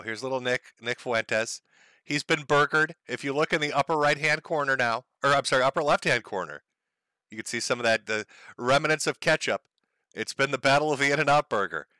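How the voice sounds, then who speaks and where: A man's voice: mid-range voice, sharp tone, dry recording. A man hosting a stream, giving sarcastic, profane commentary on a video clip. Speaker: stream host.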